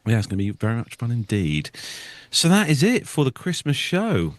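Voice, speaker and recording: A British man hosts a casual podcast, chatty and genial as he thanks each guest in turn during the chat and sign-off. His medium-pitched voice swings hugely in pitch at a moderate pace, and the recording is dry.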